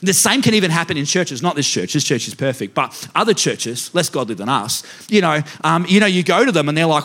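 A man's voice: on the high side, sing-song, fairly quick, few pauses, a bit bright. Playful man preaching with jokes. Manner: playful, self-mocking, addresses the congregation directly. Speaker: pastor. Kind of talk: humorous sermon with personal stories. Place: church.

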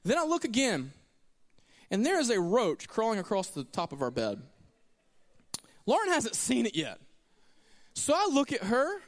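A male pastor preaching in a church, his fairly high voice swinging widely up and down as he tells stories and acts out what people say. A long hall reverb trails behind his words. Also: normal speed, pauses often. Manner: animated storytelling, acting out quoted lines. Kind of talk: sermon. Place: church sanctuary.

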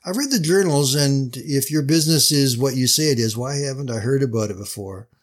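A man's voice: medium pitch, brisk, lightly acted. A man voicing a proud, eager young businessman in a told story. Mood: puzzled.

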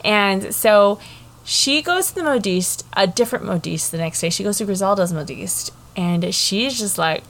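A woman's voice: mid-range voice, expressive, normal speed, fairly bright tone. Chatty, swearing woman recapping a book. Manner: chatty, profane, lots of fillers. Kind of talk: casual book discussion.

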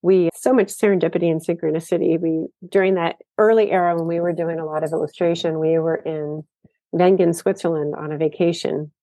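A woman guest in an interview, telling stories about her design work in a lively, enthusiastic way. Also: lowish voice, a little fast, no room sound. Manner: storytelling, enthusiastic. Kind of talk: casual interview talk.

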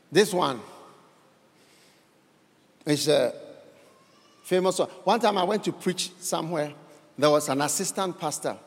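Ghanaian male preacher, high, lively delivery, long hall reverb, emphatic. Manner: emphatic, questioning the congregation, bursts of laughter. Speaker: guest preacher. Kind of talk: sermon.

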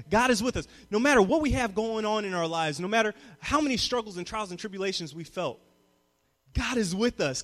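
A young man preaching a sermon as a youth pastor, moving from calm teaching to loud call-and-response. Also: on the high side. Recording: long reverb of a hall.

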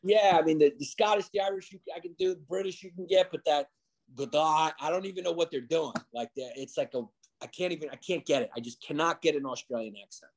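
A man's voice: on the high side, fast talker, hardly any pauses. A man who is a comedian guest, talking in a rambling, casual way with lots of fillers and restarts. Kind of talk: casual podcast chat.

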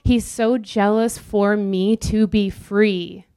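A young woman preaches in an earnest, conversational style, breaking into quick asides. Her voice is smooth and resonant. The sound is dry, with no room echo. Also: mid-range voice, steady tone, dark tone. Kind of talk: sermon.

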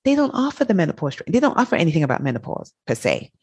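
A woman's voice: sits low, very fast, breathy edge, no echo. A middle-aged woman talking as an interview guest, telling personal stories candidly and acting out the dialogue in them. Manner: animated, acts out dialogue in her stories. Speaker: guest, author. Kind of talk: candid conversational storytelling.

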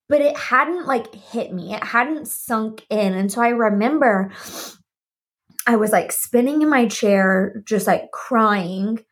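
A woman's voice: a little high, slow. A woman hosting her own podcast, sharing a personal story and animatedly acting out remembered conversations, speaking from her home office desk. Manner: animated, acts out remembered dialogue. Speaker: podcast host.

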